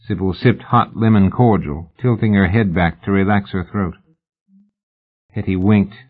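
A man reading a novel aloud in a measured, even audiobook narration. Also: deep voice. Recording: phone-like narrow band.

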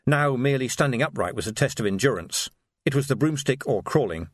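A man narrating an audiobook with a lively, expressive reading. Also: mid-range voice, fairly quick, slightly rough, no room sound, clean studio sound.

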